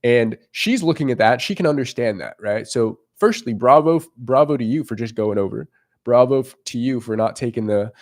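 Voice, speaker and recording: A young man in a casual coaching monologue about approaching women. He talks with animated energy, throws in offhand swearing, and keeps checking in with his listener. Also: mid-range voice, fairly quick. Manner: animated, acts out quoted lines, swears casually. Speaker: dating coach.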